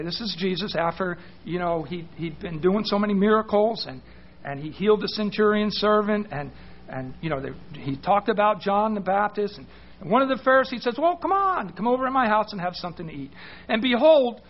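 High-voiced preacher asking the congregation questions. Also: male voice, highs cut off. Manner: emphatic, asks listeners questions, repeats words in restarts. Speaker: pastor. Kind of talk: sermon.

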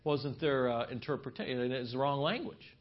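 A man's voice: medium pitch, moderate pace, lo-fi sound. Man preaching, storytelling. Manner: storytelling, acts out his wife's lines in raised voice. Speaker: pastor. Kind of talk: sermon at a marriage seminar.

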